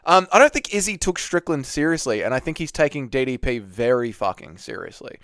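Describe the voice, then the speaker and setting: A man's voice: medium pitch, very animated, brisk, a bit bright, no echo, studio quality. A young Australian man hosting a casual livestream, chatty, greeting viewers by name and swearing freely. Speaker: livestream host. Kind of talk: casual live chat reading viewer comments.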